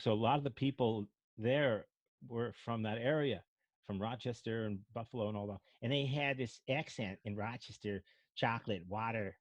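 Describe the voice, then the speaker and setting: An older Brooklyn man with a faint local accent speaks at a medium pitch, with no echo in the recording. He's an improv instructor in a casual discussion, telling rambling stories and restarting himself often.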